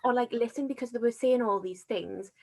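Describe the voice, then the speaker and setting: A woman's voice: fairly high pitch, brisk, warm tone. Young woman, guest on a chat podcast, candid and a bit self-mocking. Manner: candid, self-deprecating storyteller. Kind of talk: casual chat.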